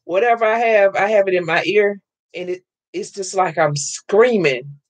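A woman hosting a live crafting stream from home, loud and excitable, chatting with viewers and laughing often. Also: mid-range voice, normal speed, no room sound. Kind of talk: casual live-stream chat, reading viewer comments.

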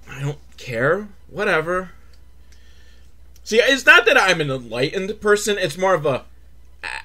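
A man hosting a comedic movie recap, rambling and sarcastic, acting out characters in squeaky voices. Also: a bit bright.

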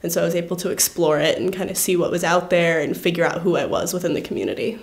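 A woman's voice: lowish voice, fast. A young woman talking in a personal interview, reflective and thoughtful, with frequent "um" and "like" fillers. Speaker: award honoree.

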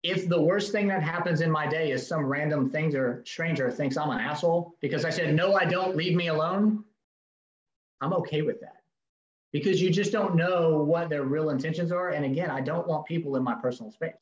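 Guy teaching a safety class, kinda high voice, blunt and emphatic, dull echoey room sound. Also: fairly quick, hardly any pauses. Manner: direct, emphatic, acts out short exchanges. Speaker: safety instructor. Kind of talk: recorded training seminar. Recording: dull roomy recording.

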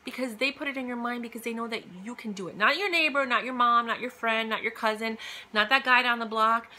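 Chatty, bright-voiced woman giving advice. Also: medium pitch. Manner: chatty, emphatic, many fillers and quoted asides. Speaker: vlogger giving career advice. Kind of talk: casual motivational monologue.

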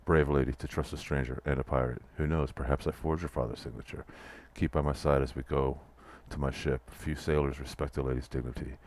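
A gallant and confident pirate captain from a text adventure, read out by a deep-voiced man, speaking in a courtly, formal way. The voice sits extremely low. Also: fairly even intonation, a little fast, hardly any pauses, a little mellow.

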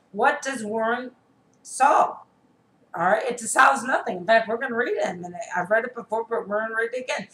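A woman's voice: fairly high pitch, brisk, fairly bright tone. Earnest woman preaching in an echoey room. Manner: earnest, exhorting, repeats "okay?" to listeners. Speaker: prophetess preacher. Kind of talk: online video sermon. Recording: echoey room with faint background noise.

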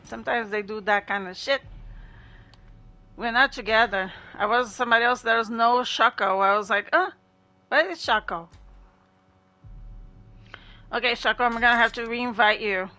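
Giggly woman streamer, bright voice. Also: a little high, steady tone, moderate pace, long pauses, no echo. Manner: giggly, chatty, thanks chat often. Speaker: game streamer. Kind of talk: casual livestream chat.

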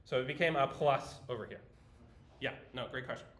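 A man's voice: mid-range voice, a little fast, a bit bright. A man lecturing a university class in a chatty, explanatory way, with fillers and restarts. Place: large lecture hall. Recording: echoey lecture hall.

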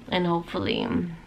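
A woman's voice: fairly low pitch, creaky, bright, forceful tone, slight background noise. A woman vlogging from her car about her day as a mom, talking in an emotional, rambling way and tossing in Spanish words. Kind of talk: emotional personal vlog. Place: in a parked car.

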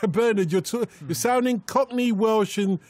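A man's voice: sits high, normal speed, a loud crowd. A man hosting a radio phone-in, teasing his guests and callers in a playful way. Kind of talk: bantering radio talk.

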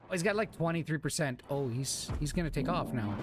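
A man giving excitable gameplay commentary into a desk microphone, swearing and shouting exclamations at enemies. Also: a little high, a little fast, loud music behind the voice. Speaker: gameplay video host. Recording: loud gunfire from game audio. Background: game sounds, gunshots and clicks.

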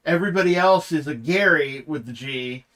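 Male show host, a touch high, hammy announcer flourish, then loose filler-heavy chat. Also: normal speed, a bit bright. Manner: mock-grand showman intro, then rambling with many fillers. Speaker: podcast host. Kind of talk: casual interview chat. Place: home studio.

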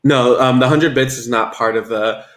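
A man's voice: mid-range voice, normal speed, roomy sound. A man co-hosting a live cooking stream in casual chat, playful, reading viewer comments aloud and breaking into song.

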